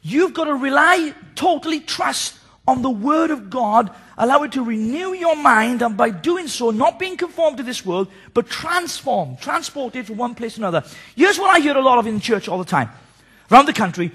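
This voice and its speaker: A man preaching a sermon, animated and telling stories as he mimics people. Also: very high-pitched, moderate pace, breathy edge. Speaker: pastor.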